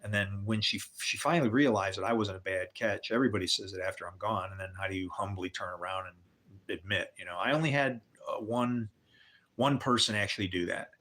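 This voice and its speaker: A man's voice: fairly low pitch, brisk, a bit bright. An older man telling candid personal stories on a livestream, swearing and adding religious asides. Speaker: livestream host. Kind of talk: rambling personal storytelling.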